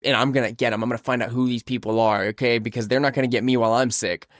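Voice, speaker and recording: A young man co-hosting a podcast, casually telling a story in an animated way while sick and feeling weak. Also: mid-range voice, rapid-fire, no room sound, clean studio sound. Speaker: podcast co-host. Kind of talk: casual chat.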